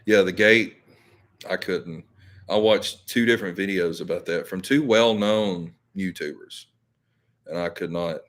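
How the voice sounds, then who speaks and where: Man, deep voice, casual live chat, rambling, lots of fillers. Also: unhurried, a bit bright. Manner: rambling, filler-heavy, self-correcting. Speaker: YouTube channel host.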